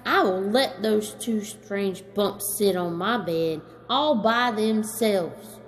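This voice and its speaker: A woman's voice: medium pitch, takes it slowly, lightly acted. A woman voicing a silly, fretful old male owl in a storybook read-aloud, exclaiming in a raised put-on voice. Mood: frantic.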